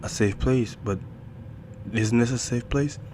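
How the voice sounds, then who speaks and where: A man's voice: medium pitch, a little slow, noisy background, pitched above the performer's own voice, close to an everyday voice. A man voicing a confused, frightened man with no memory, who stammers and repeats his words nervously.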